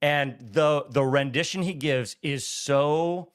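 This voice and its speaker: A man's voice: fairly high pitch, slow pace, smooth. A man co-hosting a casual podcast chat, opinionated and ranting with emphatic stress. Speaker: podcast co-host.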